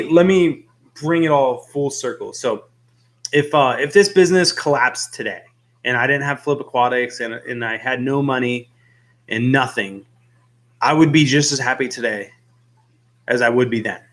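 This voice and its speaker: A man's voice: medium pitch, fairly bright tone. Earnest rambling young man. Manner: earnest, rambling with many fillers. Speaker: fish store owner and YouTube host. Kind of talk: casual talk to camera. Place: his aquarium store.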